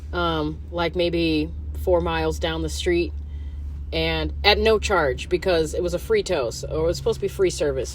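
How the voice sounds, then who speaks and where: A woman hosting her own podcast, talking alone in a casual, rambling way, swearing often and using lots of fillers. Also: on the low side. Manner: rambling and profane, full of fillers. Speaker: podcast host. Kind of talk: casual solo monologue.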